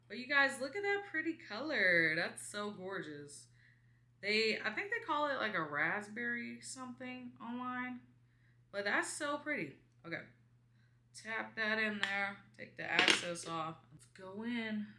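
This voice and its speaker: A woman's voice: mid-range voice, bright, forceful tone, roomy sound. A young woman vlogging at home, chatting and rambling to her viewers while she does her makeup in front of the camera. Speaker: beauty vlogger. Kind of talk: casual storytime chat while doing makeup. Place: small room at home by a window with blinds.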